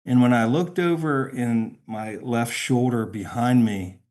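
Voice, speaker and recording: A middle-aged man shares a painful personal story as a podcast guest. He speaks haltingly and emotionally, stumbling and repeating words. His voice sits at an ordinary middle pitch. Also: darkish tone.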